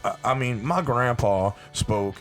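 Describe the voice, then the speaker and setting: A man's voice: medium pitch, measured pace, a bit bright, soft background music. A man from South Louisiana with a Cajun accent, talking bluntly and with energy as a podcast guest, swearing freely. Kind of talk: casual podcast chat.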